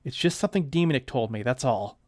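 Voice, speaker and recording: A young man reading a comic aloud with joking asides, doing quick voices for the characters as a casual commentator. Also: medium pitch, animated, darkish tone, dry recording.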